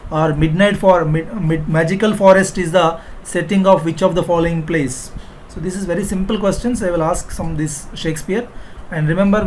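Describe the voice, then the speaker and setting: A male literature teacher with an Indian English accent gives an online exam-prep lecture, asking the class questions and filling pauses with "uh". His voice sits a little high, and a faint hiss of noise runs under the recording. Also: poor audio. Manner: repetitive, quizzing students, frequent uh fillers.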